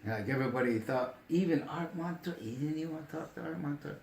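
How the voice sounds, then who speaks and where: A man telling stories in casual conversation, emphatic and animated, often asking if the listener follows. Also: a little high, fast, vocal fry, echoey room, a little hiss or hum, rough recording. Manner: animated, emphatic, asks "you get me?". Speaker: storyteller. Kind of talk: casual storytelling chat.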